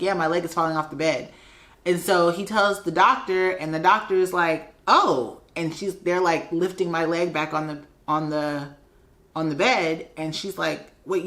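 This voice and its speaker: Low-voiced woman telling a story. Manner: animated, acts out the voices of people in her story. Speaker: vlogger. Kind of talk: casual storytelling vlog.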